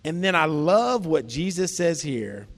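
A man's voice: on the high side, sing-song, unhurried. A man preaching a conversational sermon, acting out the lines he quotes with feeling. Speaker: pastor. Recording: long hall reverb.

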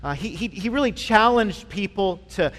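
A male pastor preaching a sermon in a conversational way, with frequent pauses and restarts. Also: sits high, animated, a bit bright. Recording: long reverb in a large hall.

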